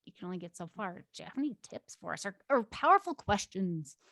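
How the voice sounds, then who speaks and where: A woman of medium pitch hosting a casual conversation as an agile coach. She talks in a lively way, full of animated asides and laughs. The sound is dry and close. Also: fast, no echo.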